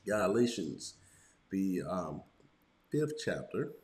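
A middle-aged male pastor delivering a sermon, congested and a little nasal from illness, slightly raspy, dropping "amen" after nearly every line. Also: deep voice, sing-song, slow pace, darkish tone, roomy sound. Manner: punctuates lines with "amen".

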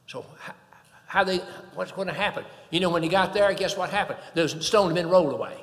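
A man's voice: sits high, fairly quick, long reverb tail. A man preaching a sermon, emphatic, swelling and dropping in volume.

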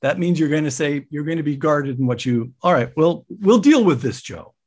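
A man hosting an interview, introducing his guest and reading quotations in a measured, deliberate way. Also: fairly high pitch, animated, slightly rough. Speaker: interviewer host.

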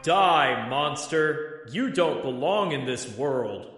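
A man voicing a blunt young vampire hunter with a flat, wooden delivery in a comedy cartoon. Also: a little high, a little slow, very echoey, in a large hall, loud music behind the voice. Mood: stiff heroic.

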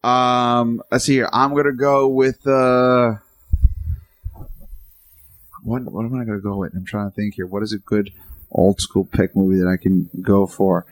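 A man's voice: on the low side, flat delivery, normal speed, no echo. A man co-hosting a casual podcast chat about films, easygoing and playfully arguing back. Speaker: podcast co-host.

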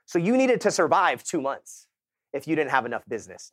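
Animated man telling a sales story. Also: fairly high pitch, quick pace, no room sound, studio quality. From Southern California. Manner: animated storytelling, acts out quoted people; casual slangy phrasing. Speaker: keynote speaker. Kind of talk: motivational sales talk.

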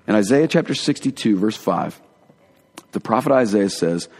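A man giving a conversational, earnest sermon as a pastor, dropping to hushed tones for emphasis. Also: on the low side, expressive, moderate pace, breathy edge. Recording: long hall reverb.

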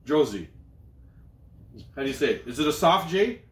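A man's voice: a little high, expressive, quick pace, reverberant. A man co-hosting a podcast, teasing his partner with profane jokes and frequent interruptions. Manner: profane, teasing, jumps in often. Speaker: podcast co-host. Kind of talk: casual comedic banter.

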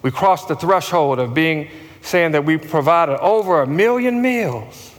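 A high-pitched man delivers a sermon at an unhurried pace. He stresses his words and has listeners echo phrases back. His voice carries a long reverb of a large hall. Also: expressive. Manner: slow, emphatic preaching with call-and-response. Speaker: pastor.

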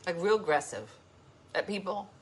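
A woman's voice: fairly low pitch, big pitch swings, moderate pace, slight background noise. Chatty grumbling woman vlogger at home. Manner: chatty, rambling, playfully grumpy. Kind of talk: casual chat to camera. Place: at home with dogs.

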